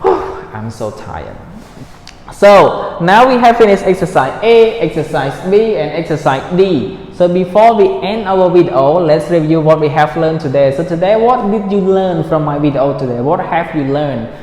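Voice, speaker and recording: A man teaching a recorded grammar lesson for children, speaking slowly and patiently, drilling words and ending points with "right?". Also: on the high side, animated, a little mellow. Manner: slow, patient, drills words and repeats them; ends points with a checking "right?". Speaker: English teacher. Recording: roomy echo, long reverb, faint noise.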